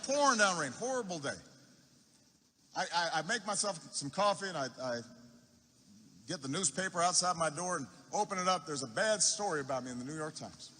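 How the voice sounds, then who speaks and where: Man, rally speaker, high bright tone, storytelling with deliberate repetition, long arena reverb. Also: expressive. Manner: unhurried anecdote with repetition for effect and halting restarts. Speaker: political speaker at a campaign rally. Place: large university arena.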